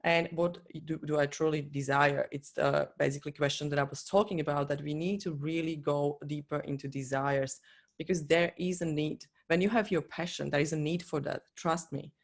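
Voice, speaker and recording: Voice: mid-range voice, fairly even intonation, moderate pace, vocal fry. Earnest coach giving a motivational talk. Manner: earnest, encouraging, speaks directly to the listener. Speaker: business and life coach.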